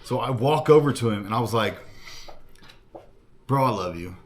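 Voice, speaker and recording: A man telling a profane, animated story in a casual podcast chat. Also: mid-range voice, normal speed.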